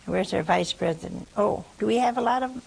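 A woman's voice: medium pitch, a little fast, gravelly, darkish tone, breathy edge, low-quality recording. A woman preaching a humorous teaching sermon, teasing and chatty as she talks straight to her listeners.

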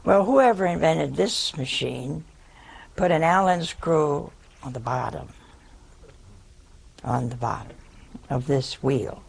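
Older woman, nun, slow-paced, gravelly, folksy humorous storytelling. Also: deep voice, lively intonation. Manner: humorous, folksy anecdote with laughs. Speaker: nun giving a talk. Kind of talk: storytelling talk to an audience.

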